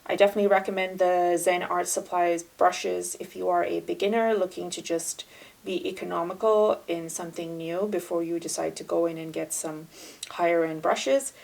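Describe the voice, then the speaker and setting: A woman teaching a watercolour painting tutorial in a casual, chatty way, talking softly as she paints and sometimes dropping to a near-whisper. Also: lowish voice, moderate pace, creaky, low-quality recording. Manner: chatty and relaxed, with fillers and self-corrections.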